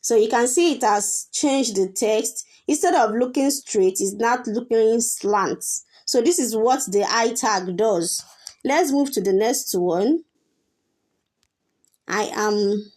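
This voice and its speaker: A woman's voice: mid-range voice, darkish tone. A woman teaching a coding lesson, explaining each step patiently with frequent fillers and repetition. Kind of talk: screen-share coding tutorial.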